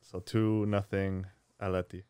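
Male co-host, low monotone, measured, dry. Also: smooth, dry recording. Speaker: podcast co-host. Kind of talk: casual sports prediction chat.

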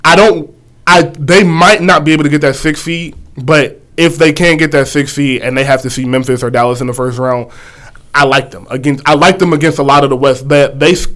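A man's voice: a little high, fairly quick, a bit bright. A man co-hosting a casual sports talk show, laid-back and slangy as he talks through his take at length. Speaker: podcast co-host.

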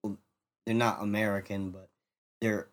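Low-voiced man speaking quietly, offhand. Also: flat delivery, normal speed. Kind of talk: casual chat.

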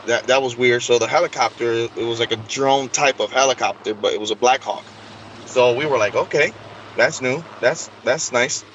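Man, casual storyteller, animated quoted lines, lo-fi audio. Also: medium pitch, slight background noise. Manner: animated, acts out quoted dialogue. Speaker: interview guest.

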